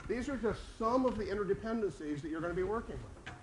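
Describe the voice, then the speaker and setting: A man giving a conversational conference talk on leadership to a live audience, energetic and full of questions. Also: sits high, fast talker, a little hiss or hum. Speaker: speaker on leadership.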